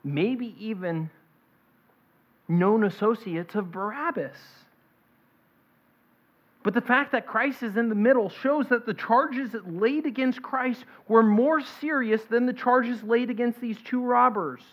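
A woman preaching an expository sermon, reading scripture aloud and stressing its points in a deliberate way. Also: on the high side. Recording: dull lo-fi recording.

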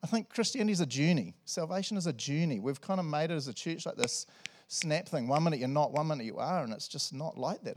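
The voice of this male pastor is a little high as he preaches in a church service. His delivery is energetic and humorous, alternating between booming and soft moments.

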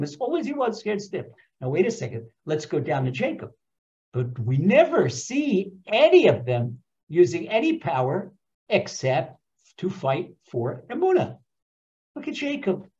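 A man teaching a Torah lesson as an animated storyteller, repeating phrases for emphasis and restarting often. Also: high-pitched, measured pace. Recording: dull lo-fi recording.

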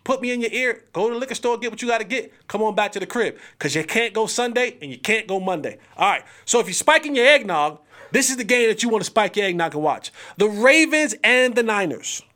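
A man hosting a sports podcast in casual, animated talk, full of slang, trash talk and drawn-out hype calls. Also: high voice.

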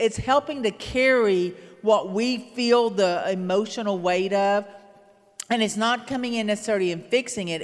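Earnest woman preaching in an echoing church. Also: medium pitch. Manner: earnest, rhythmic, repeating phrases. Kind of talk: sermon. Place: church sanctuary. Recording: long hall reverb in a sanctuary.

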